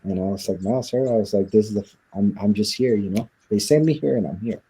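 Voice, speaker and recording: Husky man, mellow low voice, retelling his past in a sit-down interview, quoting others as he goes. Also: fast talker. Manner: recounts events by acting out quoted dialogue. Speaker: interview guest.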